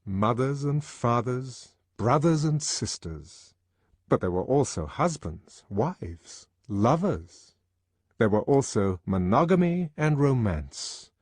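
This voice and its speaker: A man narrating an audiobook with an expressive, varied delivery. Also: medium pitch, slow pace, no echo. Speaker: audiobook reader.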